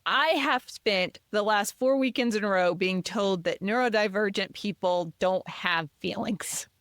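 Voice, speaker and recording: A woman hosting an interview talks in an animated, chatty way, playing out the people she quotes. Her voice sits at a middle pitch. The sound is dry and close. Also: unhurried, no room sound. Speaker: host. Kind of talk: casual interview chat.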